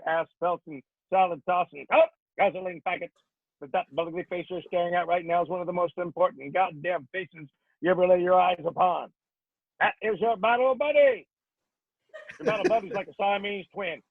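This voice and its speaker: A man voicing a foul-mouthed male Marine drill instructor who yells insults in a clipped cadence, heard over a tinny phone-like line. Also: high voice, dry recording.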